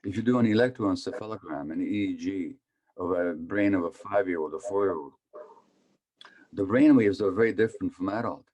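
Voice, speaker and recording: A man's voice: deep voice, a little fast, darkish tone. A man in his seventies, from Hungary, giving a conversational talk as a physician and asking his audience questions. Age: 70s. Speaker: physician speaker. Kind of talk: public talk on trauma.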